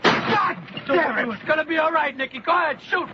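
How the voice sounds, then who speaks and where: A man's voice: extremely high pitch, brisk, over a noisy crowd. An actor playing a tense male soldier urging a comrade to shoot, heard as muffled film audio. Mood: urgent, coaxing. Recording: muffled film audio over loud noise.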